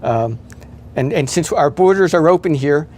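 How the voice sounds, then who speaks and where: A man talking in a relaxed local interview, listing event details with many fillers and restarts. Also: on the high side, moderate pace. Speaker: event organizer guest. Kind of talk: casual interview chat.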